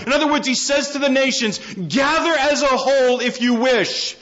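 High-voiced man preaching a sermon. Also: steady tone, moderate pace, few pauses, muffled recording. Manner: swings from loud high-pitched preaching to low quiet emphasis. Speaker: pastor.

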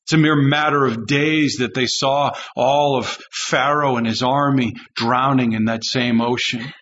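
A man's voice: mid-range voice, fairly even intonation, a little slow, a bit bright, muffled recording, slight background noise. A male pastor preaching a sermon with an emphatic, repetitive cadence.

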